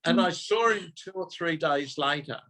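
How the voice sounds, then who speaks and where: A man's voice: a little high, normal speed, pushed and bright. An older man, a minister telling a personal story in an earnest way, often repeating and correcting himself. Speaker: minister giving a talk.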